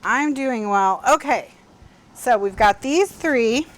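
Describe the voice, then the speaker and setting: A woman's voice: on the high side, lively intonation, slow pace. A woman hosting a casual crafting livestream from home, chatty and apologetic, laughing often.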